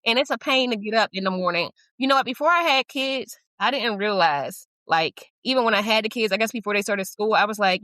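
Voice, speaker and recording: A woman's voice: medium pitch, a little fast, few pauses, bright, forceful tone, no room sound. A middle-aged woman hosting a casual podcast chat, talking candidly and with self-deprecating humor. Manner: candid, self-deprecating, chatty with frequent likes and you-knows. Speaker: podcast host.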